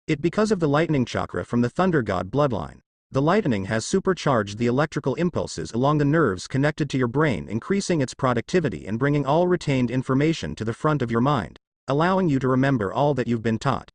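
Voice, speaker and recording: A man voicing a calm, businesslike ninja father explaining plans in a measured way. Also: medium pitch, no room sound. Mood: serious.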